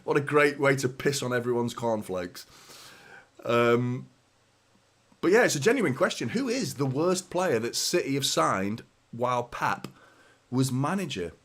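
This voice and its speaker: A man, hoarse from a sore throat, hosting a fan watchalong with live match commentary and chatty, sweary, teasing banter. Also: mid-range voice, expressive, a little slow, fairly bright tone.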